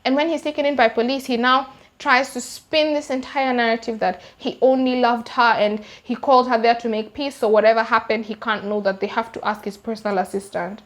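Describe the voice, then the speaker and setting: Kenyan girl youtuber, slangy storytime vibe, kinda high voice, really emphatic. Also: fairly quick, hardly any pauses. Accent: Kenyan English. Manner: animated, slangy, emphatic retelling. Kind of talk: true-crime storytime vlog.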